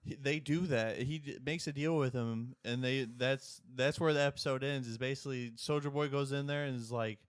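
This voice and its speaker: A young man co-hosting a podcast, casually recapping a TV episode in a rambling, animated way. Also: medium pitch, a little fast, hardly any pauses, smooth. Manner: rambling, animated retelling with loud acted-out quotes. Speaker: podcast co-host.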